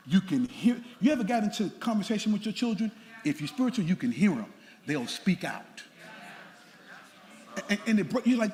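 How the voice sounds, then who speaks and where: A pastor preaching a sermon, playful and animated, tossing laughing asides to the congregation. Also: male voice, sits high, moderate pace. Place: large church sanctuary. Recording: church hall reverb with faint room noise.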